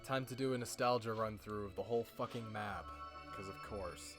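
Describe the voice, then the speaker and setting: Man, gameplay commentary, sarcastic, lots of swearing, low-ish voice, game music behind. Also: normal speed. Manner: profane, sarcastic. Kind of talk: casual let's-play commentary.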